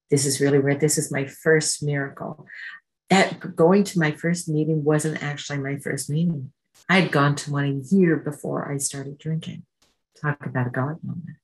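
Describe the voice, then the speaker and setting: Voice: mid-range voice, poor audio. A speaker from Canada gives an emotional personal testimony at a recovery meeting, acting out remembered voices while telling the story.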